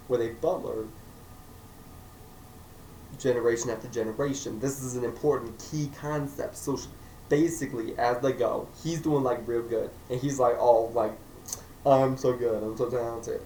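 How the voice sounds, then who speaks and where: A man's voice: medium pitch, darkish tone. A man reviewing a movie in a casual, joking way, acting out characters in silly voices. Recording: echoey room, mic at a distance, faint noise.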